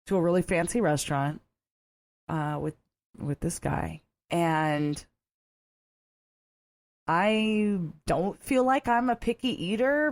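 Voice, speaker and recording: A woman's voice: on the low side, dry recording. A woman in her thirties hosting a podcast, telling rambling stories in a chatty way and laughing often. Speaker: podcast host. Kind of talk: casual solo storytelling.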